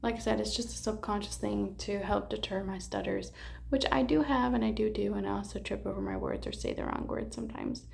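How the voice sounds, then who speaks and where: Tired young woman, gravelly rambling chat. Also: medium pitch, steady tone, a little fast, a little mellow. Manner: rambling, candid, swears, many fillers and restarts. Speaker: vlogger. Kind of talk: casual chat to camera.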